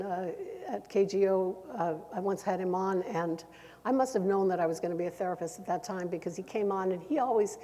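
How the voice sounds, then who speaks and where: Older woman on a panel, lively storyteller, ex-broadcaster, big echoey hall. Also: mid-range voice. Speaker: panelist, former broadcaster turned therapist. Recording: long hall reverb.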